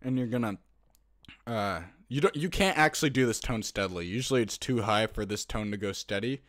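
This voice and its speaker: A man's voice: on the low side, fairly quick, slight background noise. A man explaining a silly tutorial in casual talk, rambling and fumbling for words with lots of fillers. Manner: breaks into laughter and loud hoots. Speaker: online tutorial maker.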